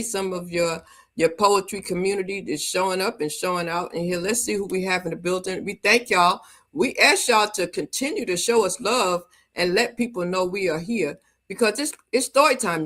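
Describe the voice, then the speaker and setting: A woman's voice: mid-range voice, a bit bright. A woman hosting a livestream talk show, energetically greeting viewers and hyping the audience. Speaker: host.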